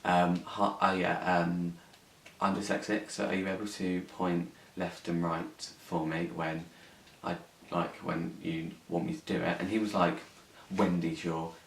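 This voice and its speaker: Young guy vlogging, low gravelly voice, swears a lot, echoey room, faint hiss. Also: flat delivery, unhurried, distant mic. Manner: sweary, indignant, rambling. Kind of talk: casual storytelling vlog.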